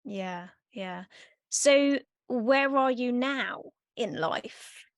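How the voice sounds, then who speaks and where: A woman's voice: on the high side, very slow, dry recording, clean studio sound. A woman hosting a casual interview, supportive and affirming as she listens and asks questions. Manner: supportive, with frequent affirming backchannels. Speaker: interview host.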